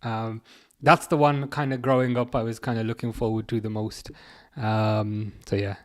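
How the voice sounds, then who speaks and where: A man hosting a live football watchalong, reading chat messages aloud and answering them in a chatty, halting way full of fillers and restarts. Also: on the low side, flat delivery. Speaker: livestream host reading chat.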